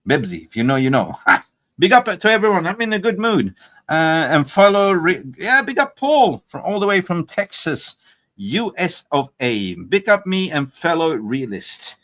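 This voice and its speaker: A man hosting a live fan stream in a loose, joking way, now and then swearing. He reads out viewer comments and riffs on them in casual chat, at a middle pitch for a man. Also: a bit bright. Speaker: fan channel livestream host.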